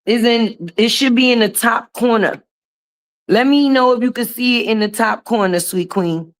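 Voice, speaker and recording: Hoarse woman hosting a live stream. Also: a little high, normal speed. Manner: chatty, greets viewers by name, calls them baby. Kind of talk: casual live-stream chat. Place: garage.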